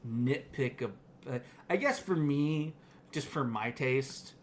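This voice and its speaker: A man's voice: medium pitch, expressive, slow. Male podcast co-host, easygoing, chatty, laughs easily, light noise underneath. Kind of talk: casual podcast chat.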